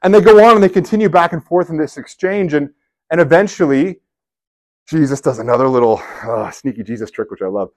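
A man giving a sermon in a conversational, animated storytelling way, with casual asides to his listeners. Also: a little high, brisk. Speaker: preacher.

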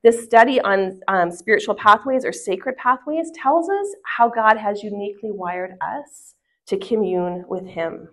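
A woman gives a church teaching talk to a live group. She is conversational and easygoing, puts questions to the listeners and waits for their answers. Her voice sits at an ordinary middle pitch. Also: measured pace. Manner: conversational, asks the audience questions. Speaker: women's ministry speaker. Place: church hall with a live audience.

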